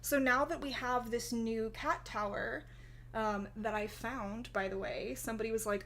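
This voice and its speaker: Giggly high-voiced young woman streamer. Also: fairly even intonation, moderate pace, fairly bright tone, slight background noise. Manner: giggly, chatty, often breaks into laughter. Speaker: livestreamer. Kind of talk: casual livestream chat with viewers.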